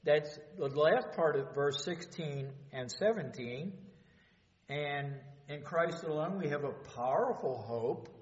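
A man's voice: fairly high pitch, animated, slow pace. A man preaching a sermon earnestly, stumbling now and then with fillers and restarts. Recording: echoey hall, dull lo-fi sound.

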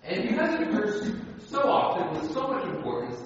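A man preaching a sermon, deliberate and emphatic, stressing key words. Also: very high-pitched, huge pitch swings. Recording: echoey hall, distant, dull sound.

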